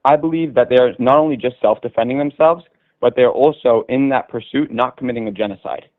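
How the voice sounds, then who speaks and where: Brief: teen guy, formal, scripted delivery, quick pace, dry phone-line sound. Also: medium pitch, no room sound. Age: teens. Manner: reads a prepared statement, formal. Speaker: caller. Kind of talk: caller on a live stream.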